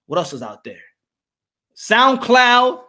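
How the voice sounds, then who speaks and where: Male live-stream host, high bright voice, playful chat with lots of repeats. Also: lively intonation, moderate pace. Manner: playful, joking, repeats himself. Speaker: boxing podcast host.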